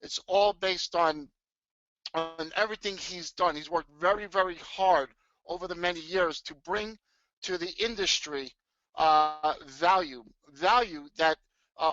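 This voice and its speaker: A middle-aged man hosting a live trading webinar from his home, talking in an excitable, hyped way full of restarts. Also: sits high, unhurried. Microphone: webcam mic. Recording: dull lo-fi webcam audio.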